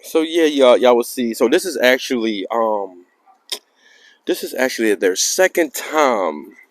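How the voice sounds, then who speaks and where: A man's voice: expressive, unhurried, dry recording. Man chatting about his dogs. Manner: talks to his dogs in a high coaxing voice. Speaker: vlogger filming his dogs. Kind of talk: casual chat to viewers. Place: outdoors in a yard.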